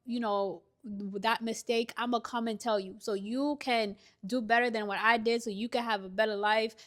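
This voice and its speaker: A woman's voice: fairly high pitch, steady tone, moderate pace, fairly bright tone. A young woman vlogger giving casual relationship advice while doing a puzzle, chatty and emphatic, with slangy turns of phrase. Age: young adult.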